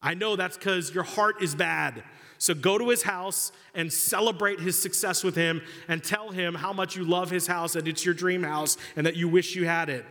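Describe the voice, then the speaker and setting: A man's voice: high voice, fairly even intonation, normal speed, sharp tone. A man preaching a sermon, acting out little dialogues in comic voices. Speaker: pastor. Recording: long hall reverb.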